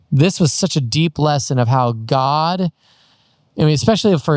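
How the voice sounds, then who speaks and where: A man's voice: medium pitch, darkish tone, clean tone, dry recording, studio quality. A man co-hosting a casual Bible discussion podcast, enthusiastic and thinking aloud as he talks. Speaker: podcast co-host.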